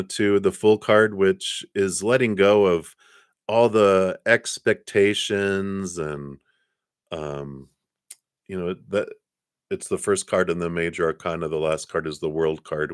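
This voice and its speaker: Deep-voiced chatty tarot reader. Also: male voice, no echo, studio quality. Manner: chatty, laughs often, trails off with fillers. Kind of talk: live-streamed tarot reading.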